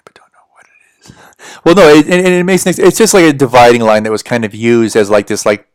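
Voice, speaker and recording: A man's voice: mid-range voice, dry recording, studio quality. Chatty American man on a livestream. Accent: General American. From United States. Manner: rambling, chatty, answers viewer questions. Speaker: livestream host. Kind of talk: casual livestream chat.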